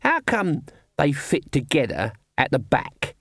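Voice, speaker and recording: A man voicing Nobby, a nervous male city guard with a higher, hesitant voice. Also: wildly swooping pitch, a little slow, no room sound, clean studio sound, exaggerated voice.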